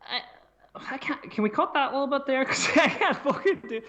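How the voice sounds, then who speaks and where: Male co-host, self-deprecating and sweary, very animated intonation. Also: very high voice, fairly quick. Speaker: podcast co-host. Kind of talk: casual podcast chat.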